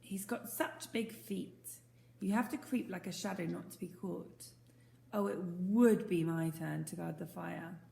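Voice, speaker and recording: A woman's voice: on the low side, unhurried, gravelly, mellow. A woman voicing a cheerful, confident young Boy Scout who talks in a breezy, teasing way. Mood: enthusiastic. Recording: roomy echo.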